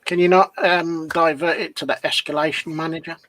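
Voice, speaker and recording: A man's voice: fairly high pitch, steady tone, a little fast, pushed and bright, a little hiss or hum. A man co-hosting a live stream, adding dry teasing asides in casual chat. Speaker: co-host.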